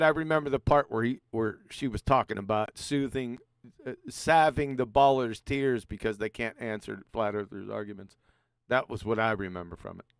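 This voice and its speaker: A man hosting a casual online panel chat, easygoing and quick to laugh. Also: medium pitch, smooth, no room sound, clean studio sound. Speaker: host of a live online panel.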